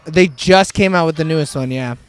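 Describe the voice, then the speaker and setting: A man with a slightly high, brisk voice streams a game while joking casually with a friend. He's animated throughout and slips into silly sing-song noises.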